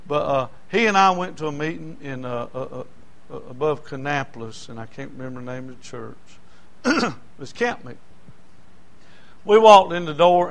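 Preacher guy, high voice, folksy stories, goes loud then real quiet. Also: gravelly. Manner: folksy storytelling, swinging from loud to hushed. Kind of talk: sermon.

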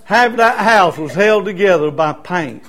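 A man's voice: high voice, animated, measured pace, fairly bright tone, some chatter behind. A middle-aged man preaching a Baptist sermon with emphatic repetition. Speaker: Baptist pastor.

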